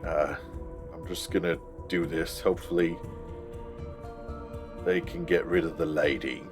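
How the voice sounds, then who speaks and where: 남자가 연기하는 머뭇거리는 낮은 목소리의 오우거. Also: male voice, deep voice, steady tone, unhurried, music in the background. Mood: guarded. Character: wary male ogre, gruff but cooperative.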